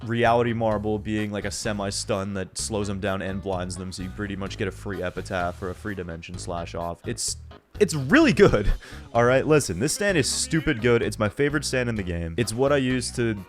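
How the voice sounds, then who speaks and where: A man's voice: fairly low pitch, a little fast, faint music behind. A young man with a stuffy, nasal voice from a cold, rambling casually in slang as he reviews a video game for his channel. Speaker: gaming YouTuber.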